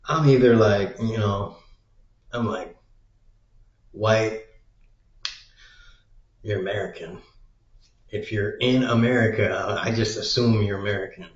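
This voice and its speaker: A man's voice: fairly low pitch, slow, long pauses. A man rambling in a crude, meandering monologue, swearing often. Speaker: vlogger. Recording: roomy, dull lo-fi sound.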